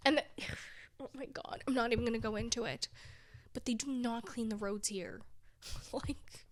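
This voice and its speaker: On her own podcast, a young big-city woman rambles casually at normal speed in a slightly high voice. She comes across as exhausted and discouraged, occasionally near tears, but she laughs often and makes jokes at her own expense.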